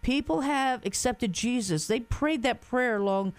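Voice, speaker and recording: Woman guest, earnest and fast-flowing, dry close sound. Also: a little high, clear, resonant tone, no room sound. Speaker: guest sharing a spiritual message. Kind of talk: Christian talk show conversation.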